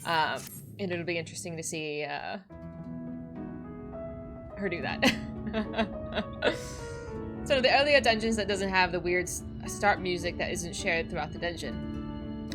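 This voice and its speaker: A woman's voice: fairly low pitch, expressive, normal speed, long pauses, over music. A woman streaming a video game, chatting casually with viewers, giggly and emotional, often laughing through tears, with many restarts. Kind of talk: casual livestream chat while gaming.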